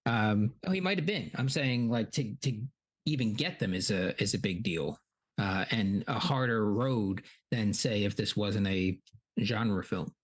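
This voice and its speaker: A man's voice: lowish voice, unhurried. Rambling man hosting a comedy podcast. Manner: rambling, full of ums and uhs. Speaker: podcast host recapping the film. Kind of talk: casual comedy podcast chat.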